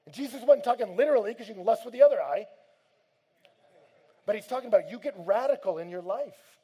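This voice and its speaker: Male preacher, warm, mid-high voice; sermon delivery that is emphatic and dynamic, from soft to shouted. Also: animated, fast talker, long pauses, slightly rough. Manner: swings from hushed to shouting, emphatic. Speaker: pastor.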